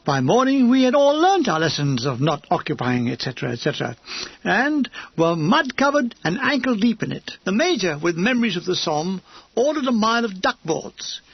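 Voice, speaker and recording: A man's voice: high-pitched, very animated, normal speed, gravelly, breathy edge, dry recording, lo-fi sound. A man narrating an audiobook memoir with dry, comic storytelling.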